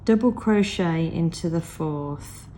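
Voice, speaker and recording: A woman with a croaky voice from a cold walks through a crochet tutorial at a very slow, patient pace. Her tone is low and mellow, and she counts each stitch aloud. A faint background hiss sits under her voice. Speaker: crochet teacher. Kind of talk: step-by-step craft tutorial.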